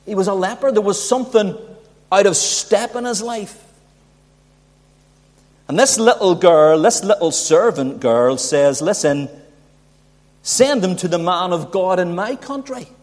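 A man's voice: high voice, expressive, unhurried, long pauses, darkish tone. A man preaching a sermon, building emphasis and asking rhetorical questions. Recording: long hall reverb.

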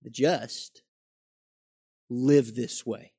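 A man preaching a sermon, reading scripture aloud slowly and then building to animated emphasis. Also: medium pitch, slightly rough, no echo, studio quality.

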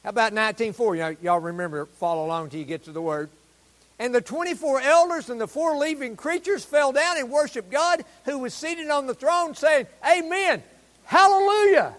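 Brief: preacher, man, very high and lively voice, exuberant sermon, long reverb of a church hall. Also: brisk. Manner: exuberant, rising to loud proclamations. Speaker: pastor. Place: church sanctuary.

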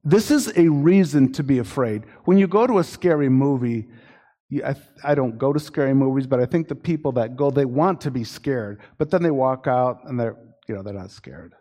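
A man's voice: medium pitch, moderate pace, mellow. A male pastor preaching a sermon with an earnest, warning manner, often restarting his sentences. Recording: long hall reverb.

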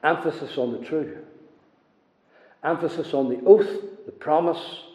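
A man preaching a sermon with a preaching cadence, moving between hushed passages and loud ones. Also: a little high, unhurried. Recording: echoey hall with long reverb.

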